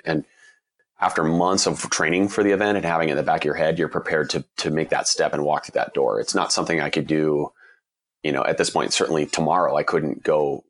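A man in his forties with an extremely low, deep voice, slightly husky as he gets over a cold. He answers interview questions in an earnest, candid way, often restarting his sentences as he thinks aloud. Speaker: guest, endurance cyclist.

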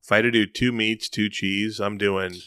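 Low-voiced young man, goofy podcast chat. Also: level tone, normal speed, a bit bright, clear, resonant tone, no room sound, studio quality. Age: young adult. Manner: goofy, musing, laughs easily. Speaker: podcast co-host. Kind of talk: casual chat.

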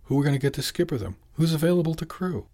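A man's voice: a little high, expressive, rapid-fire, dark tone, pitched above the performer's own voice. A man voicing a weary, conflicted young male heir to a fishing company in an audiobook.

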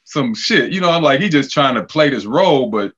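A man telling stories in a casual podcast chat, animated and profane, acting out quoted dialogue. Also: medium pitch, brisk, slightly rough, lo-fi sound. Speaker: podcast guest, former college basketball player.

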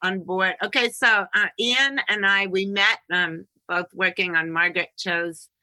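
Woman host, middle-aged, very bright tone, dry close sound, chatty and laugh-prone. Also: medium pitch, steady tone, a little slow, dry recording, low-quality recording. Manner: chatty, laughs often, swears casually. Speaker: podcast host. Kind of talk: casual interview chat.

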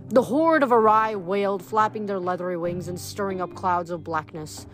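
A woman's voice: medium pitch, moderate pace, hardly any pauses, faint music behind. A woman reading a novel aloud with expression, adding her own short comments between chapters. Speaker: reader.

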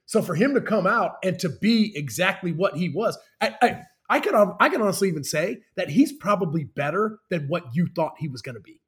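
A man's voice: sits high, expressive, a little fast, few pauses, a bit bright. A man who plays professional baseball, talking enthusiastically in a casual sports chat and calling his host "bro". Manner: enthusiastic, says "bro" a lot. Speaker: professional baseball player, guest.

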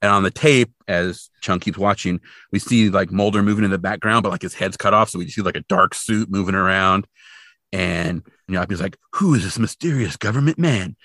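A man's voice: sits low, fairly even intonation, normal speed, sharp tone, no room sound, studio quality. A man co-hosting a podcast, recapping a TV episode in casual chat and leaping into exaggerated voices when he quotes characters. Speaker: podcast co-host.

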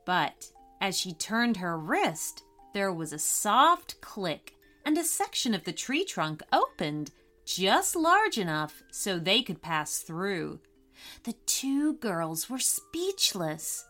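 Gentle woman storyteller, slow lively reading, soft music under it. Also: medium pitch. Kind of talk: scripted children's story narration.

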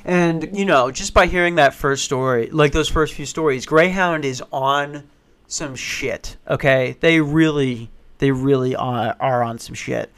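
A man telling a funny personal story in casual, profane, animated style. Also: medium pitch, clean tone. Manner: profane, animated, acts out voices, rushes when excited.

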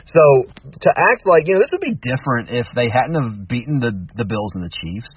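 A man arguing his case as a sports talk host, firing off rhetorical questions in a heated, animated way. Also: mid-range voice, husky, recorded from a distance, muffled recording. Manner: animated, argumentative, rapid-fire rhetorical questions. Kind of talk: sports radio commentary.

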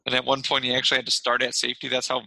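Bright gravelly man hosting sports chat. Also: medium pitch, monotone, racing, no echo, poor audio. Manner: leads the segment, blunt jokey put-downs. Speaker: podcast host.

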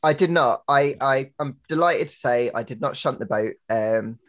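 A young man co-hosting a podcast, telling a story in an animated way and laughing often, over a laptop mic. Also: medium pitch, normal speed. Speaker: podcast co-host. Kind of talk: casual chat. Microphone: laptop webcam and mic.

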